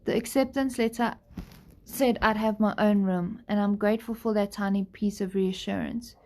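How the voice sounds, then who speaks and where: A woman's voice: mid-range voice, darkish tone. Tired woman reading aloud. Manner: apologetic, laid-back. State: tired, yawning. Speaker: host reading a novel aloud. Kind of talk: live book reading with chatty asides.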